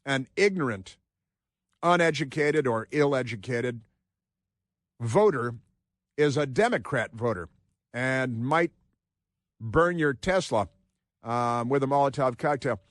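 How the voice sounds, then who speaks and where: A man's voice: medium pitch, lively intonation, takes it slowly, pauses often, dry recording. Dry-sounding sarcastic talk radio man. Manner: combative, sarcastic, mocking asides. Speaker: radio talk show host. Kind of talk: opinionated talk radio monologue.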